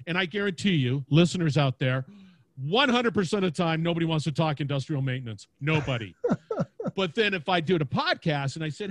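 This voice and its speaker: An energetic man with a big booming voice, chatting casually in a podcast interview and laughing often. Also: normal speed, dry recording. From Louisiana, United States. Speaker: podcast host and guest. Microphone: podcast mic.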